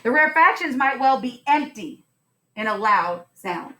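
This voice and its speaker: A woman's voice: on the high side, animated, moderate pace, noisy background. A woman teacher giving a science lesson in a classroom, upbeat and playful, putting questions to her students.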